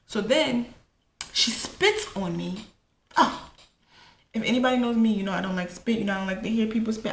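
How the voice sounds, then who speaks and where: A woman vlogger casually telling a personal story while getting ready, animated and profane, acting out quotes. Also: a little hiss or hum. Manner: animated, profane, retells quotes with rising pitch. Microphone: camera in front. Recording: echoey room with faint ambience.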